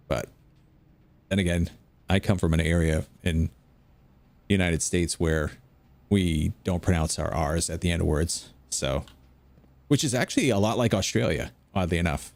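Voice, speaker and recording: Deep voiced new guy rambling to chat while he plays, dry sound, no room echo. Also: moderate pace, gravelly, pauses often, a little mellow. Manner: rambling, chatty, answers viewer chat. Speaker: gaming video creator. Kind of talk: casual gameplay commentary. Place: home, late at night.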